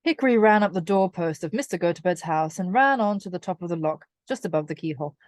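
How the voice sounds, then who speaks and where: Brief: woman storybook reader, clear and expressive, animated pitch. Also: no room sound. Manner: expressive, slow and clear for children. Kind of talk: children's storybook read-aloud.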